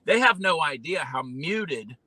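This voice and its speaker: Speaking at a measured pace, this Southern-drawling Georgia man is a comedian and candidate guesting on a casual interview. His storytelling is folksy, lively and full of fillers, and his voice sounds very bright and a bit high. The close recording is dry and low in quality.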